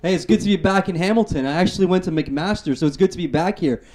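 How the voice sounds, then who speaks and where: A young man from Canada works through a stand-up set, his voice sitting a little high. He snaps out one-liners with confident timing. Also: fast, very noisy. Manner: punchy one-liner delivery. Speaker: stand-up comedian.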